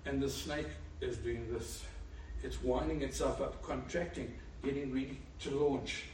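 Animated preacher in an echoey church. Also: male voice, medium pitch, a little slow, slight background noise. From Africa. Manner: animated storytelling with laughter. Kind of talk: sermon. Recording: echoey room, far from mic.

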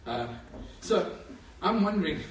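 Animated preacher in an echoey church. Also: male voice, sits high, a little slow. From Africa. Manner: animated storytelling with laughter. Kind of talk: sermon. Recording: echoey room, far from mic.

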